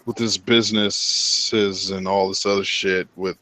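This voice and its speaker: A man talking casually in a group chat, animated and full of swearing, calling everyone dude. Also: low-pitched, a little slow. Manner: animated, heavy swearing, says dude a lot. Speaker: podcast host.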